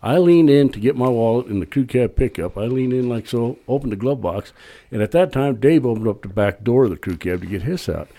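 A man's voice: medium pitch, expressive, brisk, warm tone. An older man, a podcast guest, telling casual stories in a folksy, profane way and laughing through them. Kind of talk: casual storytelling.

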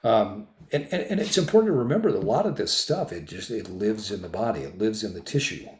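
A man hosting a podcast, telling stories in an animated way and swearing for emphasis. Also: lowish voice, fast. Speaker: podcast host. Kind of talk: casual podcast conversation. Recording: roomy echo.

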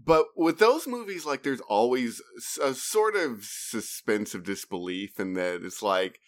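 A man's voice: medium pitch, animated, measured pace. A man co-hosting a podcast, chatting casually and thoughtfully about a horror game, with many fillers like "like". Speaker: podcast co-host.

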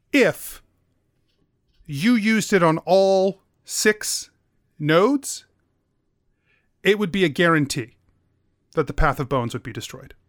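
A man guides a tabletop game as game master, his voice pitched high and swinging widely. He talks slowly and deliberately as he weighs each ruling. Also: a bit bright, no room sound, clean studio sound.

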